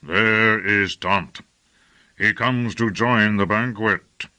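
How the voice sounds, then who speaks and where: Man voicing a gruff male sorcerer, rumbling, smug, commanding, low voice, audiobook. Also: slow, bright, forceful tone, full character voice. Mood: showy. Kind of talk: audiobook character voice.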